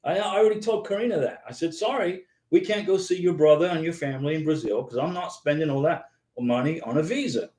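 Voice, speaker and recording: An American man hosts a live visa advice stream, chatting casually, rambling and repeating himself as he reads out viewer comments and answers people by name. He's a fast talker with a voice on the high side, hardly pausing, and his slightly mellow tone sounds reverberant.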